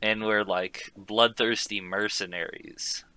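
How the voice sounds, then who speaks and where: A man's voice: fairly low pitch, steady tone, takes it slowly, sharp tone, clean tone, dry recording. A man chatting casually about a film, chiming in with wry, dry jokes. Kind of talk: casual movie recap chat.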